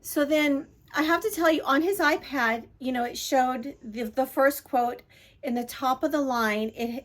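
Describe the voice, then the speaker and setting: A middle-aged woman talks into a phone held at arm's length, her voice sitting a little high. She rambles and apologizes as she vents, casual and chatty. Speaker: vlogger. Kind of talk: casual vlog chat. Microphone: handheld phone at arm's length.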